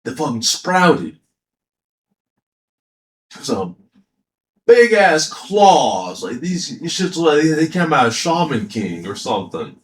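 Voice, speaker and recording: An anime commentator rants casually about a show, retelling its scenes with profanity and bursts of laughter. His voice is fairly high and slow, with long pauses, and the room sounds echoey.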